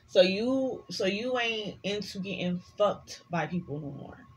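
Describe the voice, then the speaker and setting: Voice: medium pitch, expressive, unhurried, hardly any pauses, husky, rough recording. Sassy, profane tarot reader. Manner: chatty, profane and sassy, rambling with laughs. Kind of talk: casual collective tarot reading.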